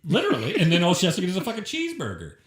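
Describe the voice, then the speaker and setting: Lively, joking man in echoey room. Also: sits high, rapid-fire. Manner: profane, joking, animated. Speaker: podcast co-host. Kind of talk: casual movie review chat. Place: shared room, filmed.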